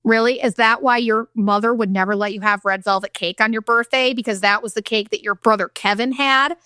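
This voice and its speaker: A woman's voice: a little high, fairly even intonation, a little fast, sharp tone, smooth, no echo, clean studio sound. A woman in her thirties hosting her own show, telling a personal story bluntly, with profanity and acted-out quotes. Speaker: podcast host. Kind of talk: candid storytelling monologue.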